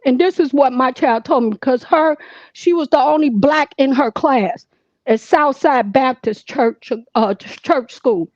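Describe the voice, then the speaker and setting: A woman's voice: high voice, measured pace, a little mellow, no echo, lo-fi sound. A woman in her sixties calling in to tell a long personal story in an earnest, emphatic, repetitive way. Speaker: caller.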